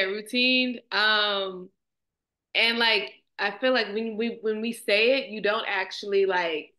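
A woman's voice: medium pitch, bright, forceful tone, poor audio. A woman on a sales team answering her coach in a group session, chatty and full of filler words. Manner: chatty, hedging with "like" and "um".

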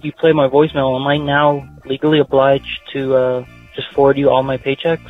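A man speaks in a flat, offhand tone through a thin, phone-like line. His voice stays even throughout, with faint music under it. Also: mid-range voice, fairly quick. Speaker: caller leaving a voicemail. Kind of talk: casual voicemail.

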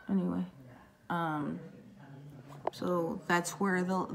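A woman's voice: fairly low pitch, slow pace, vocal fry, pauses often, rough recording. A young woman chatting casually through a makeup tutorial, rambling and talking to herself as she works. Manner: chatty, rambling, talks to herself while working. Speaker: beauty vlogger.

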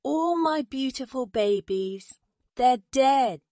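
A woman voicing a grieving, angry mother bird who talks high and slow, pleading and indignant. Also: expressive, a little mellow, dry recording, clean studio sound.

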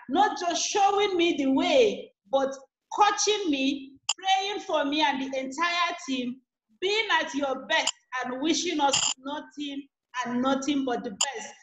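Earnest high-pitched woman, grateful testimonial, reverberant room with steady background noise. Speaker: team member giving thanks. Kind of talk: testimonial speech on an online call.

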